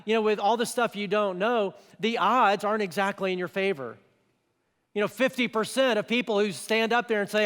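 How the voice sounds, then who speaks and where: A man preaching to a church in a conversational, animated way, breaking into little voiced asides. His voice sits fairly high for a man. The sound carries the long reverb of a large church auditorium. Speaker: pastor. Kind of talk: sermon.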